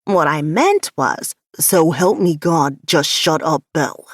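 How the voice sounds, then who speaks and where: A woman's voice: slow, dry recording, clean studio sound. A woman doing a growling, possessive young man. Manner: low hissing, clipped.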